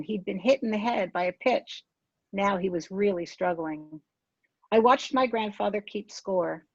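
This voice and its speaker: A woman in her sixties reads from her own memoir at a calm, even pace and stops to fix the odd misread word. The sound is dry and close, with a slightly dull, lo-fi tone. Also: mid-range voice, no echo. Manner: measured, unhurried reading with small self-corrections. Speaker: author.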